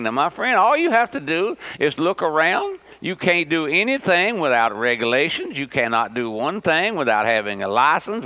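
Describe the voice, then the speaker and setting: A man's voice: a little high, sharp tone, no echo. A man preaching an emphatic, folksy radio sermon, repeating words and calling listeners "my friend". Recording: dull, lo-fi radio broadcast.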